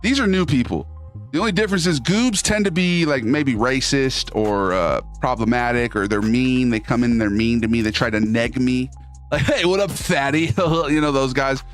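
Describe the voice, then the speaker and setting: Animated man chatting on a live stream. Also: medium pitch, faint music behind. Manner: loose, animated, jumps into quick silly voices. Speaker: streamer reading chat. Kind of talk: casual live-stream chat.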